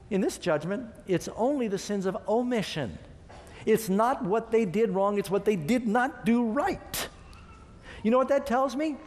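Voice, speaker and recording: A man's voice: high-pitched, darkish tone. A man preaching a sermon, emphatic and putting questions to his congregation. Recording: long reverb of a large hall.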